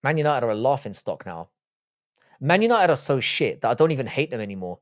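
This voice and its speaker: A man in his forties, raised in England, hosting a casual live stream. He banters with his chat in a crude, swearing, joking way. His voice sits at an ordinary pitch and is recorded close and dry, with no room sound. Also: very animated, brisk, dry recording. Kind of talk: casual live chat, reading viewer comments.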